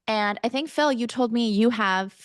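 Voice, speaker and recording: A woman's voice: fairly high pitch, moderate pace, clear, resonant tone, dry recording, clean studio sound. A woman podcast co-host in casual chat, oversharing and telling stories with lots of energy. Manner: chatty, oversharing, animated storyteller.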